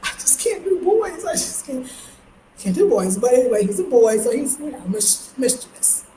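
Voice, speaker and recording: A middle-aged woman from Brooklyn talks through a casual vlog, her voice sitting a little high. She tells her stories with energy and slips into the voices of the people she quotes. The room is echoey, with faint noise underneath. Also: moderate pace. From Brooklyn, New York. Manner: chatty, animated storytelling with voiced quotes. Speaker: travel vlogger. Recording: roomy echo with faint background noise.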